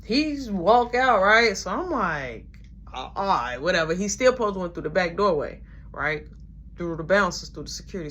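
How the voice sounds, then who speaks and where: A young woman casually telling a story about her family, acting out everyone's lines as she goes. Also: lowish voice. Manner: animated, acts out each character in quoted voices. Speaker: vlogger.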